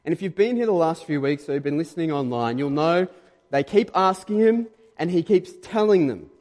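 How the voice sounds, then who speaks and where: A man with an Australian accent preaching a sermon in a conversational, emphatic way, pushing louder on key points. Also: fairly high pitch, expressive, fairly quick, big-room sound. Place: church hall.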